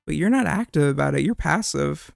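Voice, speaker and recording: A man streaming a game, his voice pitched a bit high and full of gravelly fry. He argues with chat messages he reads aloud, swears freely and trails into rambling restarts, with game music playing faintly underneath. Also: lively intonation, fairly quick, dry recording. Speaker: live streamer. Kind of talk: casual live-stream chat while gaming.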